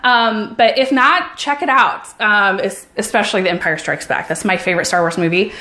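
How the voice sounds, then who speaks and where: An upbeat woman vlogger talks to her viewers in a cheerful, encouraging way, at a medium pitch for a woman. Her voice rings out in a roomy space. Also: moderate pace, bright, forceful tone. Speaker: vlogger, runner and mom. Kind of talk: casual motivational vlog.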